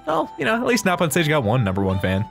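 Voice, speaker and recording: Excitable man commenting on a game. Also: a little high, fast, gravelly, faint music behind. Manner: excitable, jokey, animated. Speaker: let's play host.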